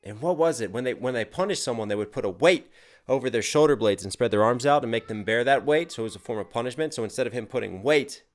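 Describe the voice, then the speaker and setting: A man's voice: medium pitch, quick pace. Hyped man hosting a music reaction. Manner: hyped, animated, breaks down lyrics line by line. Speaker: rapper and reaction host. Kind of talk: casual reaction commentary.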